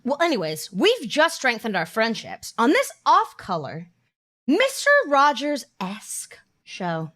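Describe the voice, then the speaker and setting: A woman's voice: a little high, huge pitch swings, slow, fairly bright tone. A woman co-hosting a comedic podcast, playful and silly, breaking into sung bits and goofy voices. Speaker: podcast co-host. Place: indoor room.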